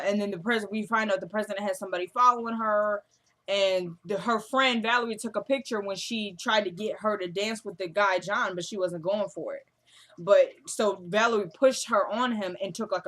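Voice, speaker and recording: A woman's voice: medium pitch, fairly bright tone. A woman casually recapping a TV episode, chatty and slangy, briefly acting out the characters' lines. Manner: chatty, acts out characters' lines in quick paraphrase; slangy, fillers like "you feel me". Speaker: TV show recapper.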